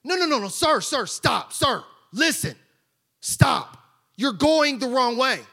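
A man's voice: very high voice, lively intonation, slow pace, gravelly, bright, forceful tone, voice pushed up, full character voice. A man acting out an alarmed, pleading sailor. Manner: urgent, pleading. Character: alarmed male sailor shouting a warning.

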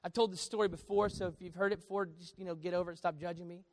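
A man preaching a sermon as pastor, swinging between quiet confession and loud storytelling. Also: sits high, fairly even intonation, racing, dry recording, studio quality.

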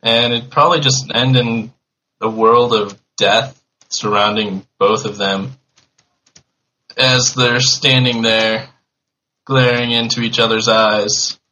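A man's voice: mid-range voice, steady tone, takes it slowly, pushed and bright, a little hiss or hum, rough recording. A man on a podcast panel, talking with offhand, mocking humor. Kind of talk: casual podcast banter.

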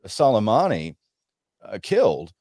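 Man in his 40s, fill-in host, lowish voice, dry close sound, halting and restarting, conversational. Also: huge pitch swings, warm tone, dry recording. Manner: halting, with frequent restarts and stumbles. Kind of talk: conversational panel discussion.

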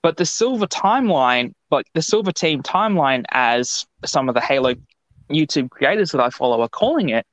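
A man's voice: on the high side, moderate pace, no echo. A man from Australia, co-hosting a podcast in casual, rambling chat. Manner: rambling, animated storytelling. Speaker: podcast co-host. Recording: dull lo-fi podcast audio.

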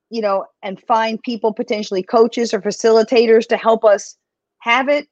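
Woman health coach, chatty and animated, for a live podcast interview; dull, dry lo-fi recording. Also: mid-range voice, no room sound. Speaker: health coach and business owner.

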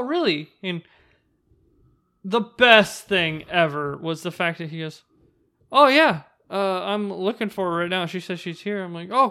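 Bright high-voiced man telling a story. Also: smooth. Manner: animated, acts out quotes in raised voice. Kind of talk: casual storytelling chat.

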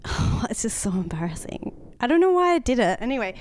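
A woman's voice: fairly high pitch, very animated, fairly quick, a little mellow. A young woman co-hosting a podcast, telling rambling stories in casual chat with frequent giggles. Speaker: podcast co-host. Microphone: podcast mic, often turned away.

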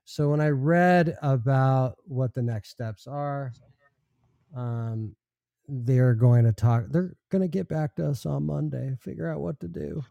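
A man co-hosting a chat show, reading news stories in a hesitant, low-key way. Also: unhurried, creaky, dark tone, no room sound, highs cut off.

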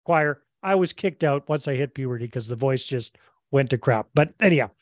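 A man's voice: medium pitch, lively intonation, a little fast, no room sound, clean studio sound. A man hosting a podcast interview in casual, upbeat chat, joking at his own expense. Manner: upbeat, self-deprecating, jokey. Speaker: podcast host.

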